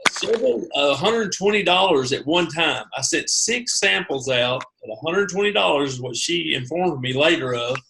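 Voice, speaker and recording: A man telling his own story on a video call, animated and poking fun at himself. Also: fairly high pitch, moderate pace, vocal fry, hardly any pauses. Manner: animated, self-mocking, acts out his own reactions. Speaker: guest sharing his sales story.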